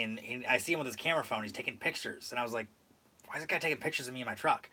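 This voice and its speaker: Bright-voiced Michigan man chatting casually. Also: medium pitch, rapid-fire, breathy edge. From Michigan, USA. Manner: rambling storyteller, says "like" often. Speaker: podcast host. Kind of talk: casual chat.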